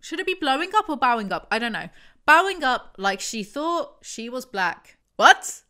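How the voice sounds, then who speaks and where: A woman's voice: high voice, sing-song, moderate pace, bright, forceful tone. A young woman from England with an English accent, giving sarcastic commentary while reviewing a book. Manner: sardonic, exasperated asides.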